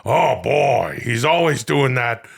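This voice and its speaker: A gruff older movie star mutters about his pal and repeats the same little phrase over and over, his voice gravelly and rough at the edges. The pitch rises and falls a great deal, as a comedian puts on the impression. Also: lively intonation, slow, exaggerated voice. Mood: rambling.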